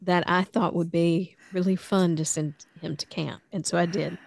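A woman co-hosting a podcast, telling a funny story in a casual, animated way and laughing often. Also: on the low side, moderate pace, creaky, no room sound, clean studio sound. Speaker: podcast co-host.

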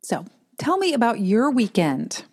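A woman's voice: fairly high pitch, wildly swooping pitch, a little slow, darkish tone. Chatty middle-aged woman podcast host. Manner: chatty, exasperated storytelling. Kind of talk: casual chat.

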